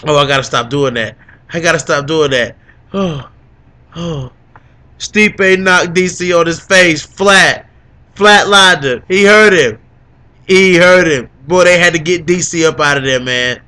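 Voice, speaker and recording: A young man with a fairly high voice gloats through a casual fight recap on a podcast. He teases his co-host, repeats his points again and again, and laughs often. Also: unhurried, sharp tone. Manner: teasing, boastful, repeats lines for emphasis, laughs a lot. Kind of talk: gloating casual MMA commentary.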